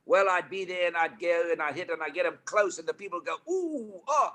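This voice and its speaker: An older South African man, appearing as a talk show guest, tells anecdotes in a chatty storytelling mode. His voice is bright, forceful and a little high, and his animated delivery comes fast.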